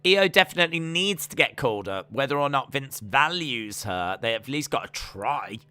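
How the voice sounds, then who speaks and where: A man's voice: medium pitch, expressive, moderate pace, sharp tone, smooth. A man hosting a casual wrestling watch-along stream, chatting and reading out viewer comments. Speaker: live stream host.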